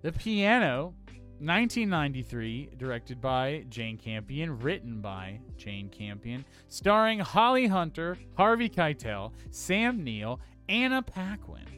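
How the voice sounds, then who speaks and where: A man co-hosting a casual film review chat, animated and swearing freely. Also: a little slow, soft background music. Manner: animated, swears freely, acts out scenes in high voices. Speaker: podcast co-host.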